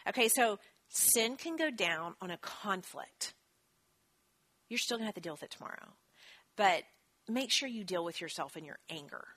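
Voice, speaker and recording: A woman, teaching a church marriage class in a chatty, self-deprecating way with quick asides. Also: medium pitch, animated, fairly bright tone. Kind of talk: teaching talk with scripture.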